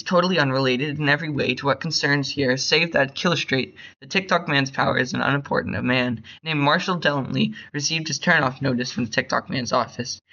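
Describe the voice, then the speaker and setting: A young man reading a short story aloud in a bored, hurried way, stumbling over words. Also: fairly high pitch, sharp tone, muffled recording. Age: young adult. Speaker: reader.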